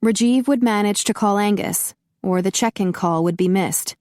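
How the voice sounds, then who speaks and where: A woman narrating a paranormal romance audiobook in a steady, even storytelling manner. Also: medium pitch, normal speed, no echo, studio quality. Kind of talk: scripted narration.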